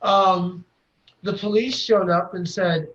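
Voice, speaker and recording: Man from the US, guest telling a story, higher-pitched, very slow and halting, dull lo-fi sound. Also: steady tone, fairly bright tone, a little hiss or hum. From United States. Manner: halting, with frequent pauses and restarts. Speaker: podcast guest. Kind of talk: personal storytelling. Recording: dull lo-fi recording.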